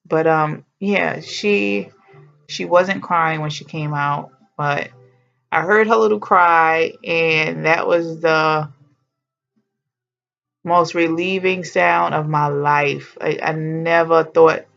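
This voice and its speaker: Woman vlogger, casual story, gravelly fry, muffled lo-fi sound. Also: low voice, fairly even intonation, slow, fairly bright tone. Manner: chatty and heartfelt, with exclamations and slang.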